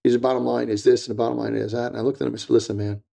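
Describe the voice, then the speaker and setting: A man's voice: mid-range voice, little pitch movement, racing, gravelly, dark tone. A man, a retired agent, telling stories in a casual interview, rambling and blunt and acting out what other people said. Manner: rambling, repeats himself, blunt, acts out quoted voices. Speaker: retired DEA agent, guest.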